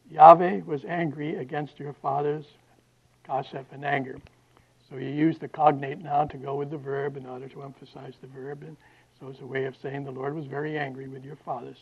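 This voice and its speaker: A man giving a classroom Bible lecture, halting often with fillers and restarts. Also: a little high, slightly rough. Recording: dull lo-fi lecture recording.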